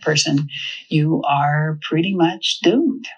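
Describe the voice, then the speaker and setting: Breathy woman giving a lively parenting talk. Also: fairly low pitch, slow, muffled recording. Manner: lively, humorous, acts out quotes. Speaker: parenting speaker.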